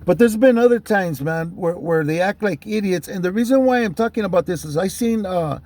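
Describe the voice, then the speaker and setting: A man telling a story in a loose, casual way, swearing often and filling pauses with "you know.". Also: high voice, expressive, darkish tone. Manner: loose and profane, many fillers like "you know". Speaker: storyteller recounting a police stop.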